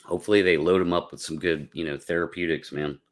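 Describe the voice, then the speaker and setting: A man's voice: low-pitched, fairly even intonation, fast. A man hosting a casual live podcast, chatting with viewers in a rambling, laid-back way with lots of fillers. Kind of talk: casual livestream chat.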